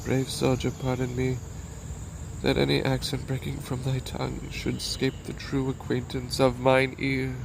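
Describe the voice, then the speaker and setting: A man's voice: medium pitch, completely flat delivery, unhurried, gravelly, noisy background. A man voicing a wary male soldier on night watch, reading earnestly and with some hesitation.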